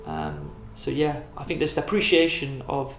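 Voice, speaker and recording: A man's voice: medium pitch, sing-song, unhurried, echoey room. A Scottish man from Edinburgh, a tattoo artist talking in a documentary interview, rambling and full of "you know". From Edinburgh, Scotland.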